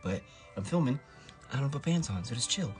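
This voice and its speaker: A young man talks to a camera on a tripod while alone at home late at night. He rambles fast and playfully, cutting himself off mid-thought. His pitch swings lively up and down. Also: soft background music. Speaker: comedic vlogger. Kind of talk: rambling comic monologue to camera.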